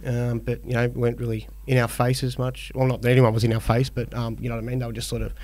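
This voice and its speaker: A man's voice: mid-range voice, fast. A man with an Australian accent co-hosting a fantasy footy podcast, chatting casually and rambling with lots of fillers. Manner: rambling, relaxed, many fillers. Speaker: podcast co-host. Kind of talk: casual chat.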